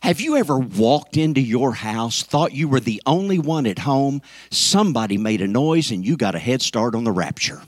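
A man preaching a sermon with fervor, swinging from shouted calls to the congregation down to near whispers. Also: medium pitch, animated, moderate pace, hardly any pauses, dry recording. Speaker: pastor.

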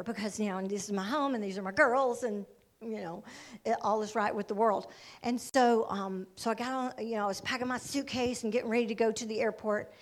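A woman giving a missionary testimony as a sermon, telling her story with fervor and acting out the voices of the people in it. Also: mid-range voice.

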